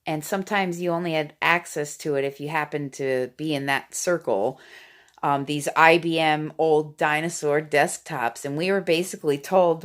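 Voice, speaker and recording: A woman in her forties talking to her phone camera in a rambling, excitable way, swinging from loud outbursts to hushed asides. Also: deep voice, moderate pace. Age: 40s. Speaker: vlogger. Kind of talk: casual talking-head monologue.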